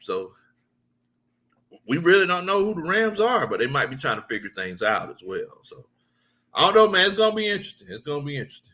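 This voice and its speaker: A man's voice: a little high, big pitch swings, brisk, pushed and bright. A man hosting a casual livestream sports chat, reading viewer comments, joking, laughing often and repeating his lines.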